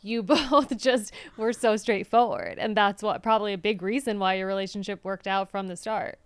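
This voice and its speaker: Smooth-voiced woman hosting a podcast interview. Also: mid-range voice, fairly even intonation, normal speed, dry recording. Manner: attentive, affirming listener. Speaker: podcast host. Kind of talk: conversational interview.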